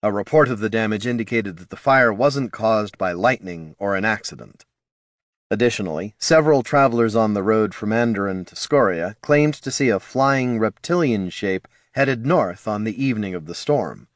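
Wry storybook narrator, male, animated delivery, dry recording. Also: lowish voice, no room sound. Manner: wry, expressive reading.

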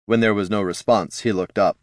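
A man narrating a fantasy story in a steady, storytelling delivery. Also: fairly low pitch, a little fast, dry recording, clean studio sound.

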